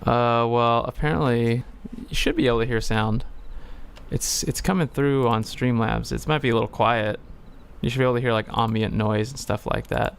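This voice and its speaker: A man's voice: medium pitch, fairly even intonation, normal speed, vocal fry, smooth. A man streaming a game, talking casually in a rambling, hesitant way and swearing now and then.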